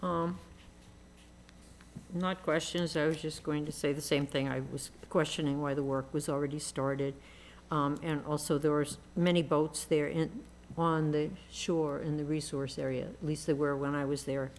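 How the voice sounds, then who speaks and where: Woman board member, deep voice, pressing questions, light room noise. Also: little pitch movement, normal speed, darkish tone. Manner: questioning, talks over others. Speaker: commission member. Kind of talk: public meeting discussion.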